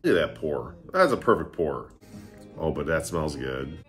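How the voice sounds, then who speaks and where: A beer vlogger with a very deep, slightly bright voice and big pitch swings reviews beers casually in his living room at a moderate pace, soft music playing. He chats and jokes, getting tipsy with a slight slur.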